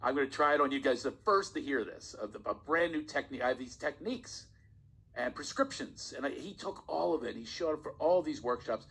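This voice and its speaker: A man with a husky voice tells stories as a comedian guest on a podcast. His manner is animated, and he often chuckles as he speaks. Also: medium pitch, brisk, rough recording. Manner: animated storyteller, laughs while talking. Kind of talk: casual podcast storytelling.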